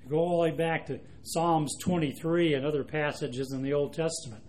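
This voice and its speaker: A man preaching a sermon, speaking emphatically and slowing down to stress quoted scripture. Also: a little high, steady tone, darkish tone, slight background noise.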